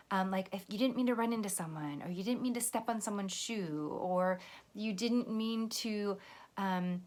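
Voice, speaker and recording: A young woman teaching young children how to apologize, speaking gently and patiently and explaining each step, now and then acting out sample apologies. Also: mid-range voice. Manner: acts out sample apologies to a pretend friend. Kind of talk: lesson for children.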